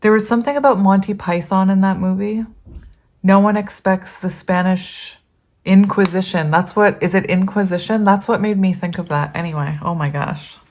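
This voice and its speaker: A woman's voice: medium pitch, moderate pace, a little mellow. A woman giving a casual tarot reading to her viewers, chatty and rambling, often laughing and reading card meanings aloud. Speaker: tarot reader.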